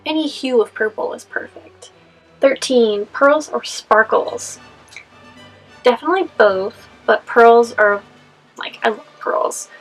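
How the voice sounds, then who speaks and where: A woman's voice: on the high side, slow, soft background music, poor audio. A young woman from California answering Q&A questions in a casual vlog, rambling with lots of fillers and laughs. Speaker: costume vlogger.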